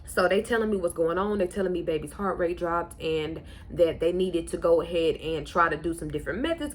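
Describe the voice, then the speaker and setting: A young woman with a Houston accent tells a personal story in a casual vlog. She acts out what people said by jumping her pitch. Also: a little hiss or hum. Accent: Houston, Texas. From Houston, Texas. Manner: animated, acts out quoted lines with pitch jumps. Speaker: vlogger, first-time mom.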